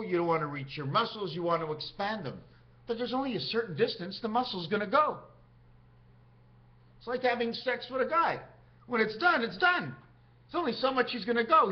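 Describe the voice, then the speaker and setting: A man's voice: sits high, highs cut off. A man talking straight to camera in a rambling, free-associating monologue that jumps from topic to topic. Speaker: vlogger.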